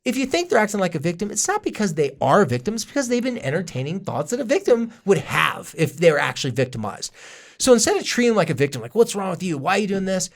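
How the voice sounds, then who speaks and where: A man co-hosting a parenting podcast in casual chat, talking in a lively way and acting out what parents and kids say, with jokey asides. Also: high-pitched, fast, vocal fry. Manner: animated, acts out parents and kids in quoted voices. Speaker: podcast co-host, parenting therapist.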